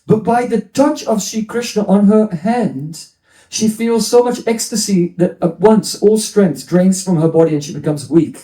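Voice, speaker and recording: A man's voice: sits high, unhurried, warm tone, reverberant, low-quality recording. A man giving a devotional lecture as a spiritual teacher, explaining scripture terms with playful asides to his listeners.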